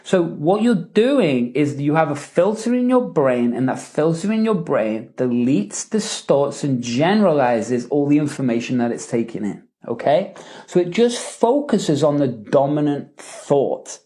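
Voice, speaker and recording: Man, live Q&A coach, lively pitch swings, emphatic, checks in with the listener. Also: unhurried. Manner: animated, emphatic, checks in with "right?" and "okay?". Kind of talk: live Q&A teaching.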